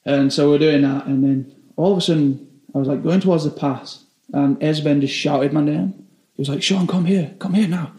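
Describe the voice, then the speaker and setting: A young British chef telling stories in a casual interview, rambling and filling every phrase with "like". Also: male voice, fairly high pitch, steady tone, normal speed, warm tone, roomy sound. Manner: rambling, says 'like' constantly.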